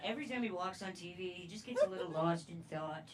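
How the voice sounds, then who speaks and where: A woman doing a stand-up comedy set, playful and crude, often jumping into loud impressions. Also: fairly low pitch, quick pace, few pauses. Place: comedy club stage. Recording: distant mic, loud crowd and noise.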